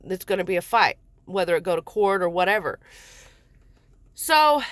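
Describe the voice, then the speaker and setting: A woman's voice: medium pitch, a bit bright, no room sound. A woman in her forties telling her own story in a heated, blunt way, swearing often and acting out what others said. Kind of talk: angry personal storytelling.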